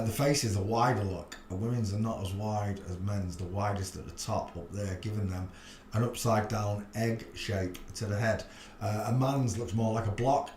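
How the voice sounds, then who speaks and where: A man's voice: fairly low pitch, a little mellow. A man hosting a casual livestream, rambling and thinking aloud with crude jokes. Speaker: livestream host. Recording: echoey room, faint background noise.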